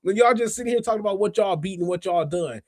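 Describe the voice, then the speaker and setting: Excitable slangy man, dry close sound. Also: high-pitched, fast talker, dry recording. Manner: animated and slangy, full of fillers and restarts. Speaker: podcast host. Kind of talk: casual wrestling recap chat.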